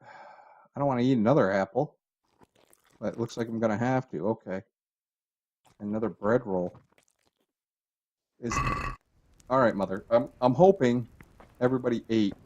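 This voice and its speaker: A man giving a rambling, chatty let's-play commentary on a game, trailing off and restarting, with sudden excited jumps in pitch. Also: moderate pace, pauses often, muffled recording. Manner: excited bursts of high pitch at discoveries. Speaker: gaming channel host.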